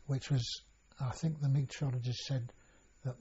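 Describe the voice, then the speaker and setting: A man's voice: mid-range voice, level tone, moderate pace, warm tone, slightly rough. An older man recalling his past in an oral history interview, rambling with many restarts and fillers. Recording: dull lo-fi recording.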